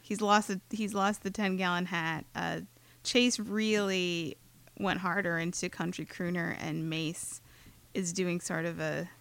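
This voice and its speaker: A woman co-hosting a podcast in casual chat, deadpan and playful. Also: on the low side, unhurried, vocal fry, no echo. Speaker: podcast co-host.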